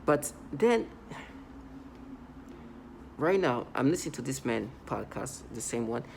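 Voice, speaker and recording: A man speaks in a loose, rambling vlog monologue at an ordinary middle pitch. He stumbles often, repeating words and restarting his sentences. A faint hiss of noise sits under his voice. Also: lively intonation, creaky, a little mellow. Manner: rambling, halting, many restarts and stammered repeats. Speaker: vlogger. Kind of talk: casual monologue to camera.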